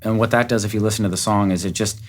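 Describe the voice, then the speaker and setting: A man's voice: fairly low pitch, steady tone, rapid-fire. Upbeat man explaining a song mix. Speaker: music producer and recording engineer. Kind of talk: walkthrough of a song's production. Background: faint music from the track.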